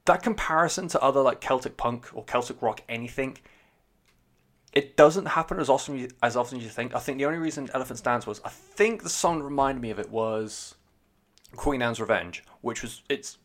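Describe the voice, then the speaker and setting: A man's voice: medium pitch, brisk, a bit bright. A man giving a casual spoken album review, rambling, sweary and enthusiastic. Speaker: music reviewer.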